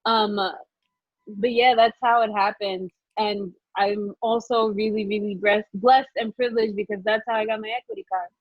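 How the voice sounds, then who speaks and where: A woman guest telling a story emotionally and excitedly over a video call from her phone. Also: mid-range voice, moderate pace, dry recording, lo-fi sound. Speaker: podcast guest. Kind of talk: casual video-call chat.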